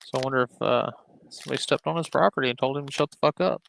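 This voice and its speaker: A man's voice: medium pitch, very fast, vocal fry, fairly bright tone, a little hiss or hum. A man co-hosting a show, making wry, mocking commentary over a stream in casual chat.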